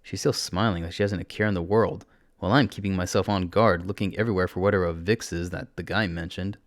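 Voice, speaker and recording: Steady male narrator, first person, close mic and bone dry, no room at all. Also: sits low, quick pace, no room sound. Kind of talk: first-person audiobook fiction reading.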